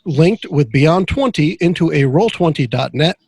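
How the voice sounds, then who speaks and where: A man's voice: fairly high pitch, lively intonation, normal speed, a little mellow, slightly rough, no room sound. A man hosting a tabletop game podcast as game master, chatting casually and rambling with frequent laughs.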